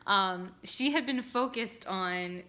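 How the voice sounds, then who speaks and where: Bright-voiced chatty young woman. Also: mid-range voice, slow pace. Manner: chatty, laughing often, many fillers. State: tired. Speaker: vlogger. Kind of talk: casual chat to camera.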